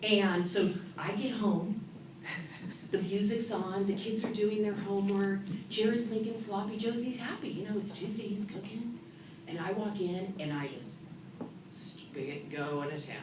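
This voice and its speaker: A woman from California gives a humorous motivational talk to an audience, telling stories about herself with a lively, self-mocking manner. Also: medium pitch, a little slow. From California, USA. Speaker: author and event speaker. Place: event hall with an audience. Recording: echoey room from a distant mic with noise.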